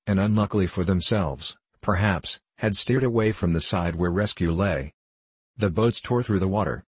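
A man reads a novel aloud in a steady, measured way. His voice is very low and husky, recorded dry and close with no room sound. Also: no echo. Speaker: narrator. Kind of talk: audiobook narration.

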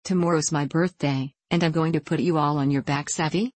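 A woman's voice: deep voice, steady tone, a little fast, a little mellow, no echo. A woman voicing a boisterous male gold-rush adventurer about to turn thirty, speaking in a hearty, folksy way that calls out to a whole room.

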